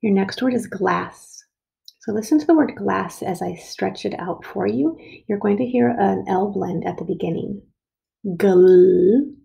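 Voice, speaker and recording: A woman's voice: medium pitch, creaky, warm tone, slightly rough. Patient woman teaching young writers. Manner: slow, patient, stretches out word sounds. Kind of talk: early reading and writing lesson.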